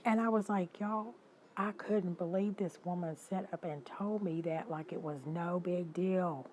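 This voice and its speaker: Woman, livestream host, animated and indignant, faint background noise. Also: on the low side, unhurried, low-quality recording. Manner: animated, indignant, calls viewers y'all. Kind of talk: casual storytelling to live chat.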